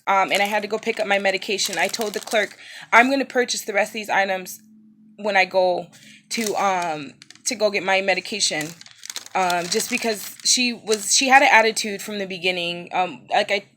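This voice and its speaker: A woman's voice: medium pitch, fairly bright tone, a little hiss or hum. Upset woman in her thirties telling a story. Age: 30s. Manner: upset, recounting with frequent fillers and restarts. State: in pain after recent surgery. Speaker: vlogger. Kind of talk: casual storytime vlog.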